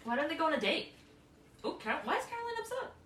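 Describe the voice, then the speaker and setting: A woman's voice: extremely high pitch, very animated, fast talker, fairly bright tone. A young woman chatting casually and laughing easily while she watches a TV show with friends. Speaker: co-host of a TV watch-along. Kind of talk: casual chat over a TV show. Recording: echoey room, voice distant from the mic.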